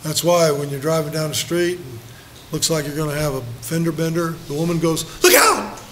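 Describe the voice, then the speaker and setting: Older guy preaching a bible study, folksy stories and jokes, kinda high voice, bit of background hiss. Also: flat delivery, a little fast. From Los Angeles. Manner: storytelling, joking, acts out quotes.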